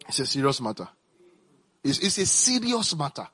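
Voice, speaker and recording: A male pastor preaching with a bright, forceful tone and a slightly higher-than-average voice. He moves between reading scripture and pressing asides, often repeating his phrases for emphasis. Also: very animated, a little fast.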